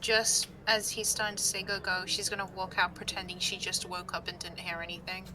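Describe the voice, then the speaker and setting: A woman's voice: on the low side, level tone, a little fast. Woman player over a noisy mic. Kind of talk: tabletop game chat.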